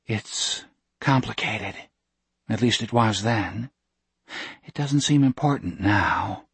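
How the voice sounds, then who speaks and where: A man voicing a soft-spoken woman missionary. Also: fairly low pitch, husky, dry recording, exaggerated voice. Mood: calm. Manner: soft, slow, every syllable weighed.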